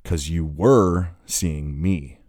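A bitter, heartbroken young man, a little drunk, swears and almost shouts in an audiobook scene, read by a man. The voice is extremely low and dark. The recording is dry and close. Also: very slow, no room sound. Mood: angry.

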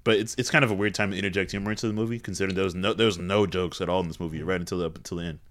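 Deep, fast-talking man with dry remarks. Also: steady tone, fairly bright tone. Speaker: podcast co-host. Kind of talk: casual movie review chat.

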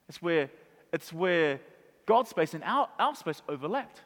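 A male pastor preaching a sermon, animated, acting out the voices of Bible figures. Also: on the high side, unhurried. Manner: animated, acts out voices of crowd and Jesus. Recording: long reverb of a large hall.

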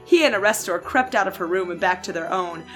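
A woman's voice: fairly low pitch, quick pace, fairly bright tone, soft background music. Playful woman reading fanfiction aloud. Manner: playful, laughs often, mock-serious. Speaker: podcast co-host.

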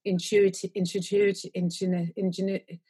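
A woman's voice: mid-range voice, flat delivery, measured pace, dark tone, slightly rough. A woman co-hosting a podcast, recapping a TV episode in casual, rambling chat, joking and trailing off mid-word. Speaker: podcast co-host.

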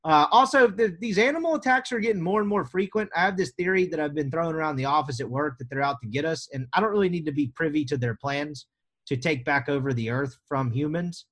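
A man's voice: a little high, quick pace, a bit bright. Joking young American man hosting a podcast. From United States. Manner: joking, rambling, self-deprecating. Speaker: podcast host. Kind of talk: casual podcast chat.

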